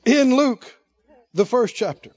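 Male preacher, very high voice, slow and lively sermon, lo-fi church tape. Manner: animated, exhorting, laughs often.

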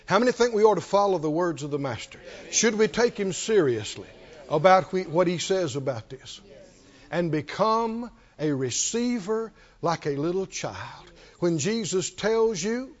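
A man preaching a sermon as pastor, animated and repetitive, calling on the congregation to answer back. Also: high voice, unhurried. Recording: dull lo-fi recording.

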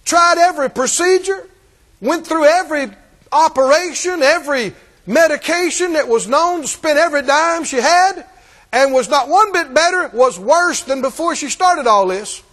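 A man's voice: very high voice, expressive, moderate pace, a bit bright, long reverb tail. A man preaching a sermon, emphatic and repetitive, drawing call-and-response from the congregation.

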